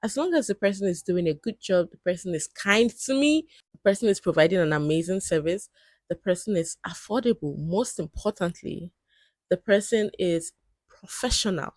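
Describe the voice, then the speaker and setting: A woman's voice: fairly low pitch, expressive, moderate pace, darkish tone, no echo, clean studio sound. A woman vlogger chatting casually to her viewers, commenting on clips she has watched. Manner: chatty, addresses viewers as guys.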